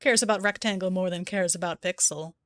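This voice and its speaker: A woman's voice: on the low side, fairly quick, fairly bright tone, clear, resonant tone, dry recording, lightly acted. A woman voicing a smug, demanding male house cat who talks in clipped, broken sentences. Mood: grumbling.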